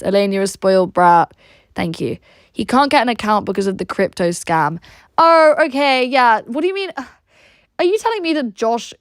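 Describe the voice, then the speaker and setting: A woman's voice: mid-range voice, clear, resonant tone, no echo, studio quality. A woman from Russia with an English accent, chatting casually on a livestream and reacting to viewer messages in a blunt, crude, rambling way full of "like".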